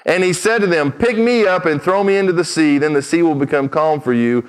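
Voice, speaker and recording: A man's voice: on the high side, expressive, moderate pace, few pauses, clean tone, poor audio. Man preaching an emphatic sermon. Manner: direct, emphatic preaching with conversational asides. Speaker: pastor.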